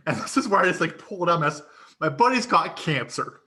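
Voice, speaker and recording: A man co-hosting a podcast, telling a story in casual chat, animated and profane, laughing often and acting out what people said. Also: on the high side, a little fast. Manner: animated, laughing storyteller who swears and acts out quotes. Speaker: podcast co-host.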